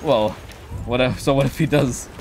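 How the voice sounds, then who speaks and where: A man's voice: mid-range voice, moderate pace, noisy background. A man co-hosting a gaming video, bantering, teasing and swearing casually while he plays. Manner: teasing, swearing, self-mocking. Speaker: gaming channel co-host.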